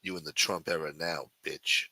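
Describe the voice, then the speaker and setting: A man's voice: extremely low pitch, fairly even intonation, moderate pace, bright, forceful tone, dry recording. A man hosting a livestream, talking in a brash, profane mob boss persona. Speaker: livestream show host.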